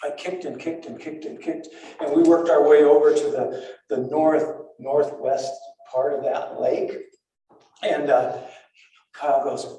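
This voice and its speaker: An older man recounting a survival ordeal in a halting, breathless way, full of restarts and repeated words. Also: fairly high pitch, steady tone, dark tone. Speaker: survivor telling his story. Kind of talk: spoken first-person recollection. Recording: very echoey and far from the mic.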